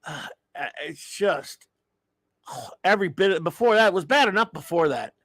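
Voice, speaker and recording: Middle-aged male host, exasperated and rambling, fairly high voice, dry recording. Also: lively intonation, normal speed, a bit bright, no room sound. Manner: exasperated, rambling, with sighs and restarts. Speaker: show host. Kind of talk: casual live-stream rant.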